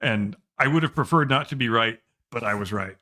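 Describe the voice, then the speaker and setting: Middle-aged man, bright tense voice, mid pitch, emphatic profane rants, podcast chat. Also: brisk. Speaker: podcast co-host. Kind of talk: casual chat.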